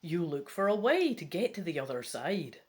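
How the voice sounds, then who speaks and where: A woman's voice: lowish voice, sing-song, moderate pace. A Scottish woman reading a gamebook aloud and commenting on it in a chatty, wry way with casual swearing. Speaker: gamebook reader.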